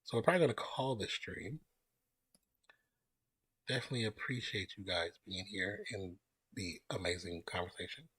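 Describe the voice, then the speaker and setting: A man's voice: low voice, moderate pace, long pauses, husky, no room sound. A man hosting a live stream, chatting loosely and greeting viewers as they join. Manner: relaxed, rambling, greets chat viewers by name. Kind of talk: casual live stream chat.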